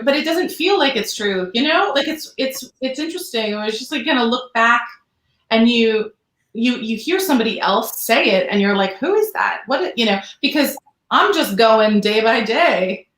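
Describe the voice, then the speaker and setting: A woman's voice: fairly high pitch, expressive, moderate pace, a bit bright. A woman guest on an interview show, chatting in a self-deprecating way. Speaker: guest singer. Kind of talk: casual interview chat. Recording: echoey room.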